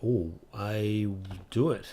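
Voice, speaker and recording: Low-voiced man commentating gameplay. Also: slow, slight background noise. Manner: wry, relaxed and chatty with frequent fillers. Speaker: let's play host.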